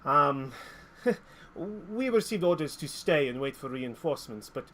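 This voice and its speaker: A man voicing a grateful woman mercenary captain, in an earnest, halting way. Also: a little high, lively intonation, a bit bright, a little hiss or hum.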